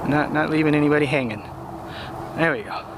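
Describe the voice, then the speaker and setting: A man vlogging as he walks through a city park, chatty and excited, rambling as he films on a handheld camera. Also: on the high side, a little fast, background noise. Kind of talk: casual walking tour narration.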